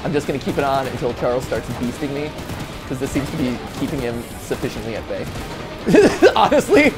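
A man hosting a casual let's-play, excitable and joking, shouting at the game as he plays. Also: medium pitch, fairly quick. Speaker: host. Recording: game music behind.

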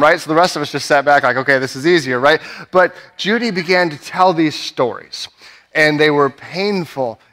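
A man's voice: on the high side, a bit bright. A young adult man preaching a sermon, telling a personal story earnestly, with many "right?" asides and restarts. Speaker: pastor. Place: church sanctuary.

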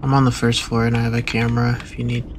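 A man chatting casually with a friend while playing a co-op horror game, excitable and mildly swearing. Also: mid-range voice, quick pace, noisy background. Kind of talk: casual gaming chat.

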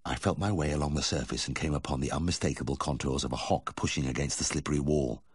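A man reading a memoir aloud as audiobook narration, telling the story in a measured first-person voice. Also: very deep voice, breathy edge, dry recording, studio quality. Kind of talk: scripted narration.

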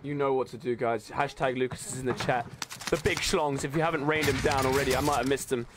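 A young man streaming a game live, bantering with his chat in an excitable, swearing way into a desk microphone. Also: medium pitch, brisk. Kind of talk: live gameplay commentary. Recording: noisy stream audio with clicks.

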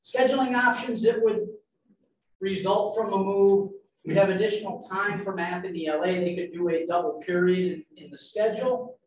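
A man's voice: high-pitched, normal speed. A man, a school administrator, methodically walks a board through an update at a public meeting, picked up from a distance in a large room. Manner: steady, methodical, walks through points in order. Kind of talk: informational presentation at a public meeting. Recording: very echoey meeting room from far off, faint noise.

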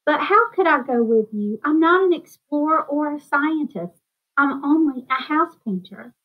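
A woman reading aloud and voicing an excitable middle-aged male house painter in a storybook reading, talking eagerly and pleadingly, on a dull, lo-fi recording. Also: high voice, normal speed, voice pushed up. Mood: bewildered. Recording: dull lo-fi sound.

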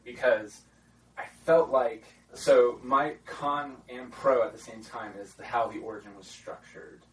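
Male podcast host, chatty and animated, recorded off-mic in an echoey room. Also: mid-range voice, unhurried, distant mic, a little hiss or hum. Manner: chatty, animated, laughs often. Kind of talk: casual chat.

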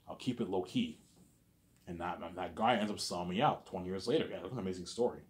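A young man with a very low voice rambles through a casual story, circling back with the same filler phrases. His delivery is loose and unhurried. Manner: rambling, repeats "you know what I'm saying".

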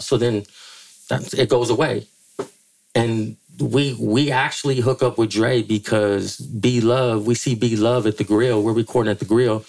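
A middle-aged man from the Bay Area telling stories as a podcast guest, profane and animated, acting out quotes in a higher voice. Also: measured pace. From Bay Area, California. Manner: animated, profane, acts out quotes with jumps in pitch. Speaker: podcast guest, music manager. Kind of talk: casual storytelling interview.

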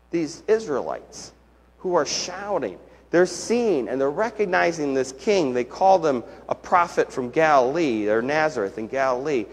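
A man's voice: a little high, slightly rough. A man preaching a sermon as pastor, earnest and building to emphatic questions. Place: church sanctuary. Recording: long church hall reverb.

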